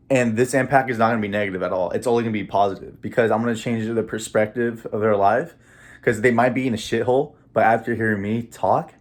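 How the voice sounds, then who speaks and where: A young man talking straight to camera about his dreams in a casual, rambling way, repeating words and laughing, choked up with emotion. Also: medium pitch. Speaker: vlogger. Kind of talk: casual motivational monologue.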